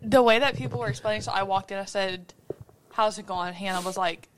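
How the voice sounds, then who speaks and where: A woman's voice: mid-range voice, brisk, a little hiss or hum, poor audio. A woman co-hosting a podcast, recounting events in casual chat and laughing as she talks. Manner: chatty, laughs while recounting. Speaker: podcast co-host.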